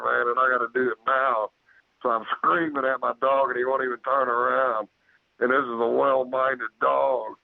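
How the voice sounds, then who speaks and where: A man, a guest on a podcast, telling a story of his own encounter in a rambling way. He keeps repeating "so, so, so" and "man", and he acts out his own shouted lines louder and higher. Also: vocal fry, dry recording. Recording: tinny phone-like line.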